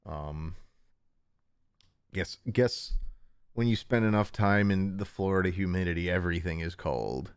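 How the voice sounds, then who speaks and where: Chatty, rambling man with a low voice. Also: measured pace, long pauses, smooth, no room sound, clean studio sound. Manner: rambling, chuckling, self-interrupting. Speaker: livestream host. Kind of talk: casual livestream chat.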